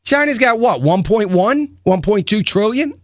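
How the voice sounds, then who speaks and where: A man's voice: high-pitched, big pitch swings, moderate pace, no echo. Opinionated male radio host, dry studio sound. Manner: opinionated, emphatic, rhetorical questions. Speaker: radio talk show host. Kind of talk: radio talk commentary. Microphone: studio microphone.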